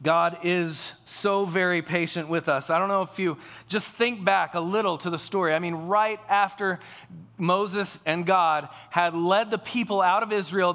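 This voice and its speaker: Bright-voiced storytelling male pastor. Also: a little high. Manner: conversational storytelling preacher. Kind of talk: sermon.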